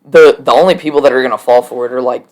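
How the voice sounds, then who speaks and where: A man's voice: medium pitch, fairly even intonation, fast talker, low-quality recording. Young male co-host, casual storyteller, lots of ums and likes. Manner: anecdotal, filler-heavy storytelling. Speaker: podcast co-host. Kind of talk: casual chat.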